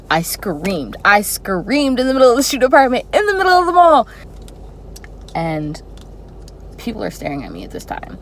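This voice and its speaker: A young woman telling a personal story in a casual vlog, animated and expressive with dramatic reactions. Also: fairly high pitch, normal speed, pauses often, slight background noise, low-quality recording. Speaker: flight attendant vlogger.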